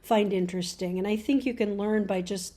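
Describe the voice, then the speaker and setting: A middle-aged woman giving a relaxed spoken lesson on church chanting, explaining with fillers and restarts. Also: medium pitch, a little fast. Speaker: chant teacher.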